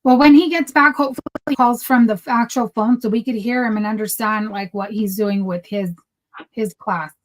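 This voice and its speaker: A young woman with a slightly high voice talks in a relaxed, casual way. She tells stories with lots of energy and slips into acting out both sides of the conversations she describes. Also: fairly quick, rough recording. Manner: animated storytelling, acts out quoted dialogue. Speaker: podcast co-host. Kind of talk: casual chat.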